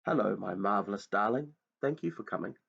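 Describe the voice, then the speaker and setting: A man reading aloud, voicing a gentle, steady father who is hurt and calling up to his son. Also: fairly low pitch, fairly quick, creaky, breathy edge, highs cut off, full character voice. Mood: urgent.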